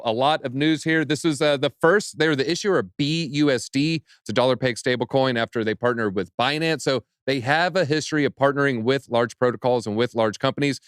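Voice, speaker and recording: A man hosting a casual panel chat, brisk and joking as he reads news aloud. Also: medium pitch, a bit bright, clear, resonant tone, no echo, studio quality. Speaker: show host.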